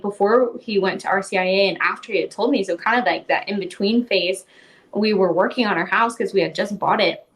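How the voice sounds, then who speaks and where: A young woman, a podcast guest, telling her story in a casual interview. She talks in a chatty way, fills her speech with "like" and often laughs. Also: medium pitch.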